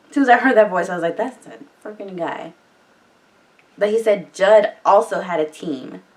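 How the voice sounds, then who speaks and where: Low-voiced woman rambling about a show. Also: darkish tone, distant mic. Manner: chatty, rambling, many "like" fillers. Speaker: reaction video host. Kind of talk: casual reaction commentary.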